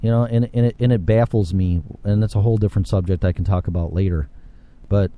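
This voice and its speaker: A man's voice: on the low side, steady tone, fast talker, phone-quality sound. A man hosting his own talk show, ranting alone in a blunt, profane way, often repeating words and restarting sentences, and growing heated and emphatic at times. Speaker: podcast host. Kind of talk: casual ranting monologue.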